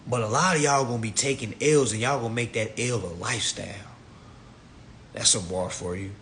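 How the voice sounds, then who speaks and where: A man's voice: fairly quick, a bit bright, slight background noise. Blunt, profane man ranting on a live stream. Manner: blunt, profane, mocking, mimics people in high voices. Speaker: online finance class host.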